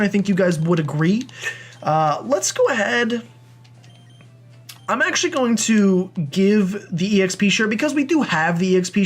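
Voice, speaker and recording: A young man talks through a video game playthrough, commenting on every move. His voice sits high for a man. He rambles, jokes about himself and chats casually with his viewers. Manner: chatty, rambling, self-deprecating. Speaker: let's play host.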